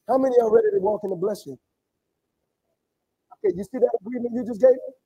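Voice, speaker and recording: A man preaching a sermon to his congregation, repeating phrases and swinging between loud calls and hushed asides. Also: very high voice, fast talker, slightly rough, low-quality recording. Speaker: pastor. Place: church sanctuary.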